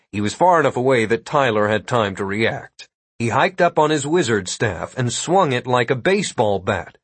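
Male storyteller reading comic fantasy; husky, dry, steady and wry. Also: mid-range voice, dry recording. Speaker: narrator. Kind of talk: audiobook narration.

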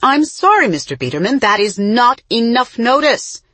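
A woman's voice: fairly low pitch, lively intonation, normal speed, breathy edge, no echo, voice pushed up. A woman voicing a stressed mother who talks in a barking, clipped way in a storybook reading. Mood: angry. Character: stressed mother, firm and sharp.

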